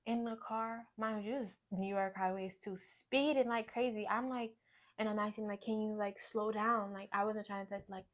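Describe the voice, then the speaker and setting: A young woman giving a personal testimony in conversation, earnest and storytelling, often dropping to a quiet voice. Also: steady tone, normal speed. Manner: earnest, storytelling, drops to quiet low voice when recounting. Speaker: guest sharing testimony.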